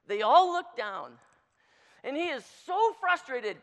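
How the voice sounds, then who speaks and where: A preacher giving a conversational sermon, telling a story in an animated, chatty way. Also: high voice, takes it slowly. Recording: long hall reverb.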